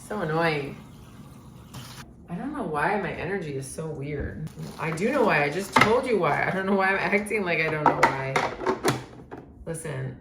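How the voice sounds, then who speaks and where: Low-voiced woman rambling in a vlog. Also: animated, normal speed, long pauses, noisy background. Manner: casual, rambling, swears often. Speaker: vlogger, identity coach. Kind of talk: day-in-my-life vlog chat. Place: home kitchen, indoors.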